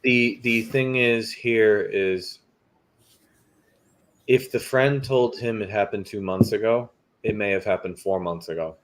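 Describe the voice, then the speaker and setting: Low-voiced man, measured co-host. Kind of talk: casual chat.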